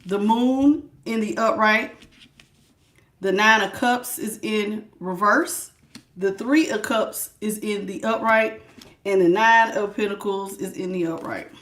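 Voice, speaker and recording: A woman doing a casual live tarot reading, chatty and lively, calling her viewers baby and honey. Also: medium pitch, takes it slowly. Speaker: tarot reader.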